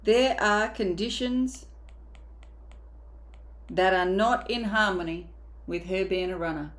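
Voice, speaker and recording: A woman's voice: mid-range voice, takes it slowly. Emphatic woman mindset coach. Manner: emphatic, acts out inner voices, casual asides. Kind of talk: motivational coaching talk.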